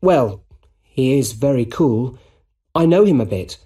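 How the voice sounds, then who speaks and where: A man's voice: medium pitch, lively intonation, measured pace, dark tone, natural voice. A man reading as a modest young hero. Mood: casual.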